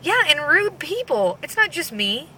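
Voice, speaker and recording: Young woman, high voice, sarcastic swearing rant, loud car and traffic noise. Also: very animated, unhurried, low-quality recording. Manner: profane, sarcastic and exasperated. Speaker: vlogger. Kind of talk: casual rant.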